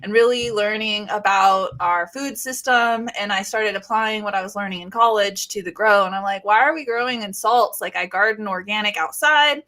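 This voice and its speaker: A woman in her thirties from California, talking as a guest in a casual interview, relaxed and rambling with lots of fillers. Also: mid-range voice, moderate pace, few pauses. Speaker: guest, grower and educator.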